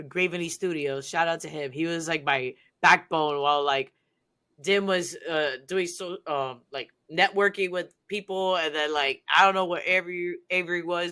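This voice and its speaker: Excitable woman guest, bright voice, rambling podcast storyteller. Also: low-pitched, moderate pace. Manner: excitable, animated, heavy use of "like".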